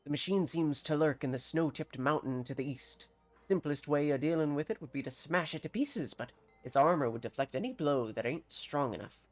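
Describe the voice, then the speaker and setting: A streamer voicing a jumpy, suspicious male farmer in a deliberately bad put-on accent, reading game dialogue aloud with a folksy, wary, grumbling manner. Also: mid-range voice, sing-song, no echo, soft background music, natural voice. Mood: grateful.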